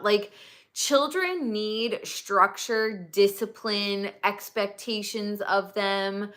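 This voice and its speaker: A woman's voice: medium pitch, fairly even intonation, slow, fairly bright tone. A woman hosting her own livestream, talking in a rambling, opinionated casual chat and filling her talk with "like". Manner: rambling and opinionated, full of "like" fillers. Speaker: livestream host.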